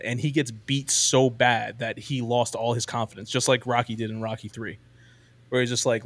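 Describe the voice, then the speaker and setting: A man's voice: mid-range voice, flat delivery, brisk, no room sound. A man hosting a podcast, chatting casually and enthusiastically about ranking movies, rambling with lots of "like" and "um". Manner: enthusiastic, rambling, heavy use of "like" and "um". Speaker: podcast host.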